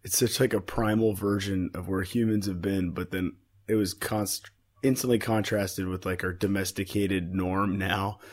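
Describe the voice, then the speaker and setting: Husky, low man cracking jokes. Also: level tone, normal speed, a little mellow. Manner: giggly, joking asides. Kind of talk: casual chat.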